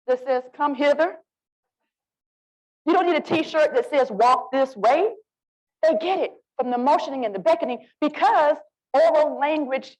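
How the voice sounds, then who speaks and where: Southern alabama lady running a reading workshop, kinda high voice, coaxing the crowd, says y'all. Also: low-quality recording. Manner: lively, coaxing, addresses audience as y'all. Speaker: literacy presenter. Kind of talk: interactive workshop talk.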